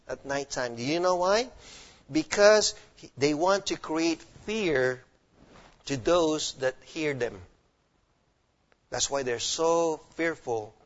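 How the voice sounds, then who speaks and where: A male pastor preaching a sermon emphatically, often quizzing his listeners with questions. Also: a little high. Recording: dull lo-fi recording.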